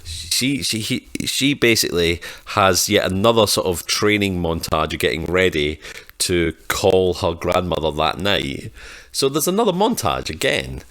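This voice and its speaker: A man's voice: low-pitched, expressive, a little slow, fairly bright tone, no echo. A man co-hosting a film podcast, recapping the plot in a rambling, jokey way. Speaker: podcast co-host. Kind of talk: casual film review chat.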